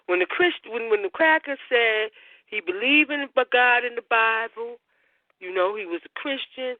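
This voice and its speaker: A mid-pitched speaker talks casually, sometimes halting and sometimes pushing a point. The sound is dry with no room echo. It comes through a thin phone line. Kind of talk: casual chat.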